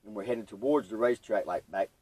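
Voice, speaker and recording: Young man, a bit husky, lively guest acting out the voices in his story, mic at a distance. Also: on the low side, fast, dry recording. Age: young adult. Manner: animated storytelling, acts out quoted voices. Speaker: podcast guest. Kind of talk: telling his recovery story.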